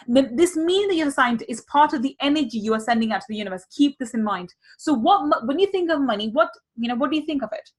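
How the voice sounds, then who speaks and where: A woman's voice: high voice, expressive, fast, few pauses. A woman money mindset coach teaching a workshop, repeating key phrases with energy.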